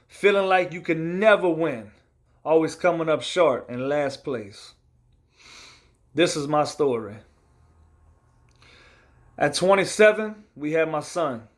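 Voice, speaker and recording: Earnest man reciting a rhymed life story. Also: on the high side. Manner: earnest, heartfelt, confessional. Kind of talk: rhymed spoken-word poem.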